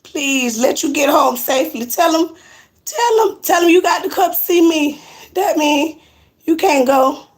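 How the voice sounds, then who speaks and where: High-voiced woman chatting on a live stream. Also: lively intonation, unhurried. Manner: chatty, teasing, answers comments aloud. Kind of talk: casual live-stream chat with viewers. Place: her apartment, indoors.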